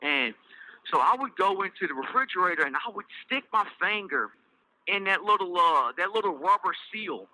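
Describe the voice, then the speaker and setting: A middle-aged man with a Southern US accent, telling his own life story in a loose, halting way with many fillers and restarts. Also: sits high, animated, bright, forceful tone, poor audio. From Virginia. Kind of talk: casual personal storytelling.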